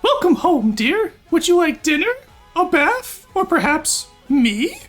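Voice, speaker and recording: Cartoon mouse impression, squeaky strained falsetto, very high, bouncy, boisterous. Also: very animated, slow, faint music behind, full character voice. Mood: cutesy flirty. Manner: opens with a "ho ho" before every line. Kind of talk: comic impression on a live stream.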